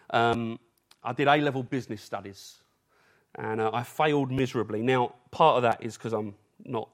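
A man from England preaching an evening sermon in an earnest, urgent way, using rhetorical questions. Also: mid-range voice.

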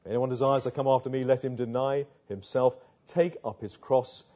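Earnest preacher, muffled recording. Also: male voice, mid-range voice, fairly even intonation, fairly quick, dark tone. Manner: earnest, rhetorical questions, builds to emphatic passages. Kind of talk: sermon. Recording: muffled lo-fi sound.

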